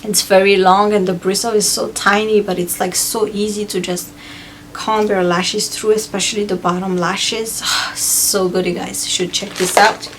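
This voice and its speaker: A woman's voice: mid-range voice, flat delivery, moderate pace, slight background noise. A woman vlogger chatting casually through a review of used-up beauty products, with frequent fillers and repeated words. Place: home in Hawaii.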